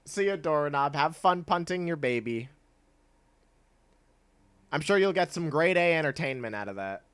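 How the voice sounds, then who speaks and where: A man streaming a game, chatting casually with his viewers in a laid-back, rambling way and laughing often, with soft music playing behind him. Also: fairly high pitch, expressive, moderate pace, smooth. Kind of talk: casual chat while gaming. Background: soft chill music.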